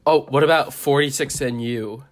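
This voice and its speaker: A young man co-hosting a podcast, chatting casually and rambling through deadpan absurd jokes. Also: mid-range voice, normal speed. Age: young adult. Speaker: podcast co-host. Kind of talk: casual comedic chat.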